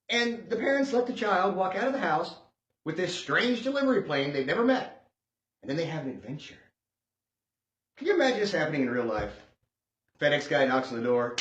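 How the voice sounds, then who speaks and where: A man doing a stand-up comedy set, sarcastic and animated, swinging between loud outbursts and hushed asides. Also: on the high side, fairly quick, long pauses. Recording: dull lo-fi sound in a roomy space.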